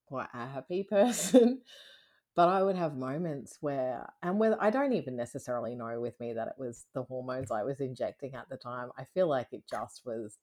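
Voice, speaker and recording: A woman's voice: rumbling low, normal speed. A woman in her thirties, a guest in a casual interview, telling a personal story candidly and laughing often. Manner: candid, laughs often, lively when retelling.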